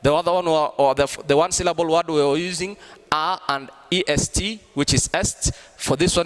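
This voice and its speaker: A man teaching an online grammar lesson, explaining slowly and repeating himself. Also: medium pitch, in a large hall. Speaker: English teacher.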